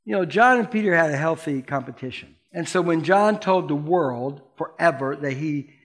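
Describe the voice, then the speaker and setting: Animated high-voiced male preacher. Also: moderate pace. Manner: animated, playful preaching that asks the congregation questions and acts out quotes. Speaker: pastor. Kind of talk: sermon.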